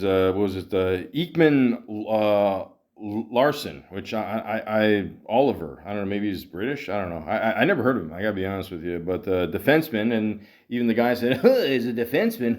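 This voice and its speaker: A man's voice: lowish voice, normal speed. Man, middle-aged, from Canada, podcast host, rambling, profane, casual hockey chat, plenty of fillers.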